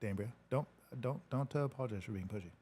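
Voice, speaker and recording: A man's voice: medium pitch, quick pace, dark tone, husky. A man hosting a casual livestream, reading viewer comments in a laid-back, joking way and swearing now and then. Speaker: podcast host reading live comments. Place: home studio.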